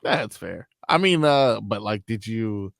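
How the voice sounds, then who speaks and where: A man's voice: on the low side, animated, takes it slowly, vocal fry, a bit bright, dry recording, studio quality. A man co-hosting a sports radio show, laughing and asking questions in casual banter. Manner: laughs often, reacts and asks questions.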